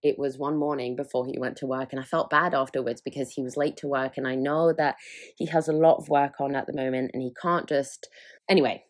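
A woman's voice: very deep voice, fairly even intonation, brisk. A young woman hosting her own podcast, talking frankly and chattily, often laughing and swearing freely. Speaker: podcast host. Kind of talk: candid solo podcast chat.

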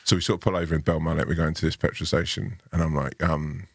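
A man's voice: extremely low pitch, fairly even intonation, quick pace, creaky, husky, no echo, clean studio sound. A young man from Ireland telling a rambling story in casual podcast chat, full of "like" and "sort of".

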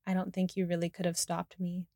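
A woman's voice: on the low side, monotone, fairly quick, dark tone, dry recording, clean studio sound. A woman voicing a rueful, candid man. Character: remorseful man recovering from head injury.

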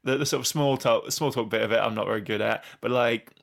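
Man, podcast co-host, gravelly fry, stop-start casual chat. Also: medium pitch. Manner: hesitant, halting restarts.

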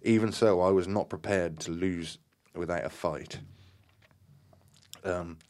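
A man reading a supernatural story aloud, breaking off to comment and acting out shouted lines. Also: low-pitched, steady tone, takes it slowly. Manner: acts out shouted dialogue, many fillers and restarts.

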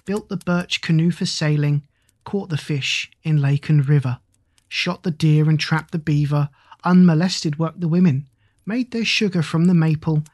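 An audiobook narrator reading epic verse in an even, rhythmic chanting cadence. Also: mid-range voice, no room sound, studio quality.

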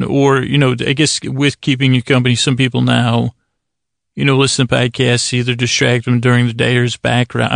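Male sleep podcast host, heavy vocal fry, dry close mic, meandering wry chat. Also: medium pitch, fairly bright tone, no echo. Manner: stammering, self-interrupting, wry. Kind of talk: rambling casual monologue.

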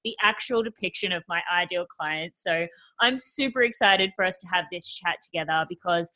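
A woman's voice: lowish voice, normal speed, bright, forceful tone. A woman hosting a podcast interview, chatting in a bubbly, enthusiastic way. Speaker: podcast host. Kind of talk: casual interview chat.

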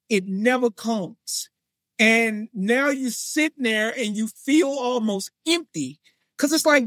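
A man talking casually on a podcast, animated and acting out his own reactions in quoted asides. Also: very high voice, measured pace, no room sound. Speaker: podcast guest co-host. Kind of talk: casual wrestling podcast chat.

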